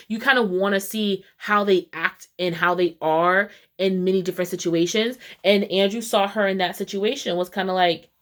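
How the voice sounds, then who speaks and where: A woman casually recapping a TV episode, acting out the characters' lines with quick shifts in voice. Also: mid-range voice. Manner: animated, switching voices for quoted characters. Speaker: TV recap vlogger.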